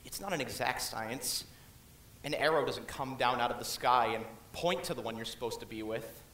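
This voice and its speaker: A man's voice: medium pitch, a bit bright, slight background noise, close to an everyday voice. Man as a chatty, wistful middle-aged show-tune fan, stage musical, roomy hall sound. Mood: musing. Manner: chatty, musing, halting asides. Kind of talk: amateur stage musical acting. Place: theater stage.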